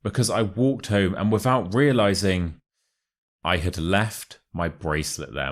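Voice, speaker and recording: A man's voice: sits low, moderate pace. A young man with a modern RP British accent, giving a chatty, joking English lesson with exaggerated examples. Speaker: English teacher. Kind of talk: casual YouTube English lesson.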